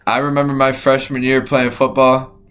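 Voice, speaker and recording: A young man streaming, reacting out loud in casual chat, profane and excitable, laughing often. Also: mid-range voice, normal speed, clear, resonant tone. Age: young adult.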